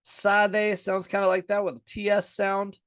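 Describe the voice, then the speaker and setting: An American man teaching the alphabet in a relaxed lesson, saying each letter name aloud again and again as he writes it. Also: high voice, unhurried, smooth. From United States. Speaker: Bible and Hebrew teacher.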